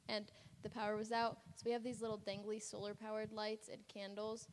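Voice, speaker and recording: A woman giving a casual, chatty slideshow report on a mission trip, laughing often as she talks. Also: mid-range voice. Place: church sanctuary. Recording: reverberant church hall.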